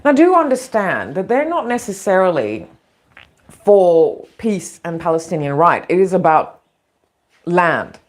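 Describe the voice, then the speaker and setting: Woman, podcast host, casual monologue, opinionated, rambling, throaty cough now and then, lowish voice. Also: very animated, measured pace. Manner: frank, opinionated, digressive, laughs often. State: throat irritation, occasional coughing.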